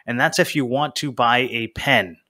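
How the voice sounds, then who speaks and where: A man's voice: mid-range voice, normal speed, pushed and bright. A man hosting a casual woodworking podcast, chatting loosely with fillers and trailing asides. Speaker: podcast host. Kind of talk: casual chat.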